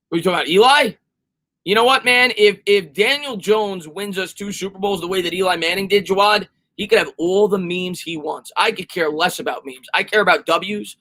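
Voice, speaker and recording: A man's voice: sits high, sharp tone. A man hosting a live sports stream, chatting casually and answering viewers' comments. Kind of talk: live-stream chat reading.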